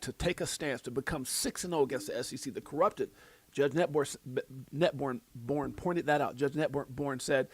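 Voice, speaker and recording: A man hosting a crypto livestream, reacting with fervent, preachy commentary, repeating himself and joking about his own excitement. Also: mid-range voice, a little fast, slightly rough, no echo.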